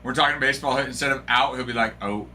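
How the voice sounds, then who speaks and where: A man's voice: mid-range voice, flat delivery, fast, sharp tone, a little hiss or hum. A man hosting a live card break stream, joking and bantering casually with viewers.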